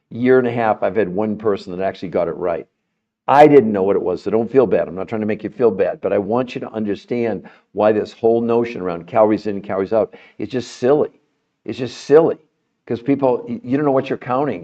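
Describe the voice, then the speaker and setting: A man's voice: lowish voice, brisk, muffled recording. Emphatic male health podcast host. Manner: emphatic, rising more animated as he goes. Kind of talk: promotional health talk to viewers.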